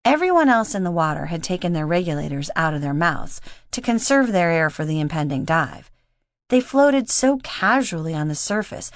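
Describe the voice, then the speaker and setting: A woman narrating an audiobook in a steady, measured reading voice. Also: sits low, dry recording, studio quality. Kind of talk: scripted narration.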